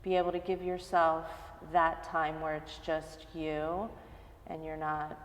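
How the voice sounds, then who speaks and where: Earnest, lower-voiced woman guest. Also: unhurried, long reverb tail. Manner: earnest, animated when telling stories. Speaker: interview guest, mother. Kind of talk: casual interview chat.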